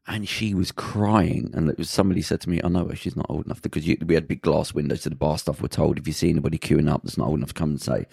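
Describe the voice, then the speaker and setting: Podcast host guy telling a story, low and croaky, acts out the quotes, dead dry sound. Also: no echo. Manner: animated anecdote-telling, acting out quoted lines. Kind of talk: casual storytelling in conversation.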